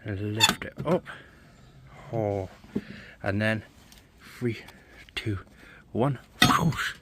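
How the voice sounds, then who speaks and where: A man, chatting excitably to a handheld camera while vlogging outdoors in a forest at night. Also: fairly low pitch, drawn-out words, very noisy. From England. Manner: excitable, chatty, laughs often. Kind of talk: casual vlog narration.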